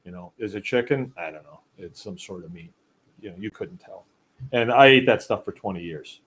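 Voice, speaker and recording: A man's voice: fairly low pitch, normal speed, a bit bright, husky. A middle-aged man hosting a casual chat, rambling in a folksy way and reading viewer comments aloud. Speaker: podcast host. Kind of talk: casual live-stream chat.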